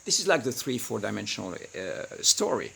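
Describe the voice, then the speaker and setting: A man teaching a tantra webinar, talking freely and acting out shouted quotes from arguments. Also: on the low side, moderate pace, creaky, a little hiss or hum. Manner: animated, acts out shouted quotes.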